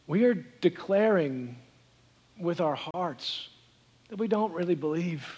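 A man preaching a sermon, building to loud emphatic peaks and dropping to soft, quiet lines. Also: high-pitched, lively intonation, takes it slowly, slightly rough, big-room sound. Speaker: pastor.

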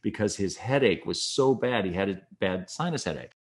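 Low-voiced man telling an earnest personal story. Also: expressive. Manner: earnest, gets quick and agitated when reliving tense moments. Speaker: guest recounting a personal experience.

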